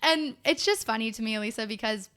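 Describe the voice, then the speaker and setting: A young woman talks bluntly and with animation, a bright, forceful voice carrying her story through a relaxed podcast chat. Her tone is smooth and crisp, and she fills her speech with fillers as she goes. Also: a little high, fast. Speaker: podcast guest. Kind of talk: casual chat.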